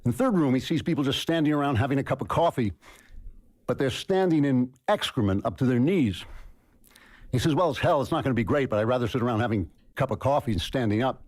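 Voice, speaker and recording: Give me a man in a middle pitch giving a dry, measured speech. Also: a little mellow. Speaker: speaker. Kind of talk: university speech.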